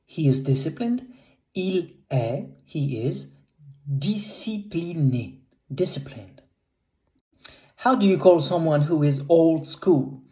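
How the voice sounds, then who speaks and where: A woman teaching French vocabulary, saying each word slowly and carefully and repeating it. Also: low-pitched, lively intonation, warm tone.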